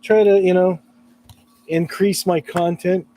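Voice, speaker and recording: A man from California, hoarse from allergies, chatting casually and laughing often on a live stream. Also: on the high side, unhurried, dark tone, slight background noise.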